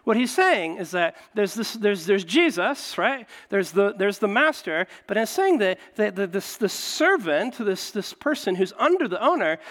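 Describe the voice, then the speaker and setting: A man preaching with a high, lively voice that swoops up and down, with a gravelly edge. He talks conversationally, tossing in "right?" to the congregation. His voice carries a long reverb, as if in a large hall. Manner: animated preaching with frequent "right?" asides. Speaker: pastor. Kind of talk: sermon.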